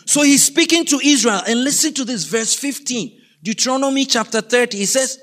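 A man preaching a sermon, reading scripture slowly and with emphasis and calling on the congregation to repeat after him. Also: very high-pitched, animated, fairly bright tone.

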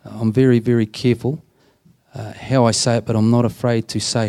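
A man's voice: on the low side, flat delivery, fairly quick, warm tone. A man, a deacon, earnestly telling stories in an interview and acting out the dialogue. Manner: earnest, plain-spoken, acts out quoted dialogue. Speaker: deacon and prison minister. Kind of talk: storytelling in an interview.

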